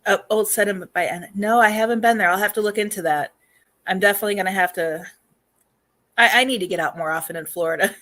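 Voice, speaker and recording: A woman hosting a casual live stream and answering viewers' questions. Her voice is hoarse and she is losing it, and she talks chattily with many ums and frequent throat-clearing. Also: mid-range voice, quick pace, fairly bright tone. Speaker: host.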